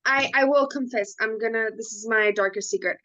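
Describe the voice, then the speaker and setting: A woman's voice: on the high side, fairly quick, pushed and bright, dull audio. A woman learning English, who chats in a self-mocking way full of "like" and "um" over a video call mic. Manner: chatty, self-mocking, lots of "like" and "um". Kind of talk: casual online group chat.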